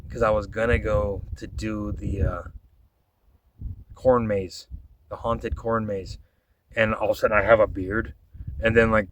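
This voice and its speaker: A lower-voiced man tells a long casual story, swearing freely and stumbling over restarts. He sits a little back from the mic, with a faint hiss behind him. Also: far from the mic. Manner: rambling, profane, restarts often, quotes himself. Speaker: vlogger.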